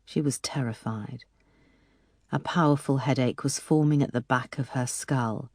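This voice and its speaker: Low-voiced woman narrating a thriller. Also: darkish tone, no room sound, studio quality. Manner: measured, dramatic. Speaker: audiobook narrator.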